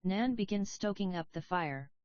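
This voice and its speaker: A woman reading a play aloud as an audiobook, giving the stage directions in a plain, even way. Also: mid-range voice, normal speed, clean tone, no echo, lo-fi sound. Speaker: audiobook reader. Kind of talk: scripted narration of a play.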